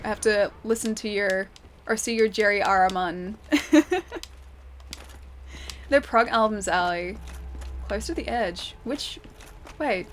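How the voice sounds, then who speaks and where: A woman's voice: medium pitch, slight background noise. A young woman streaming a game, chatting casually with her viewers, laughing often and thanking them as she plays. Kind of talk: casual gameplay commentary reading chat.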